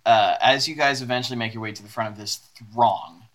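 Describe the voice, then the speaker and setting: A man's voice: mid-range voice, brisk, a bit bright. A man narrating as game master of a tabletop game, often laughing as he describes the scene.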